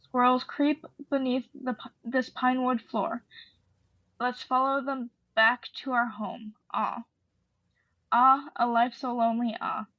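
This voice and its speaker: Woman podcast co-host, slightly high voice, soft and halting, dry dull mic. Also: fairly even intonation, no room sound. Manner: soft-spoken, halting with fillers. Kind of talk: poetry reading and casual discussion.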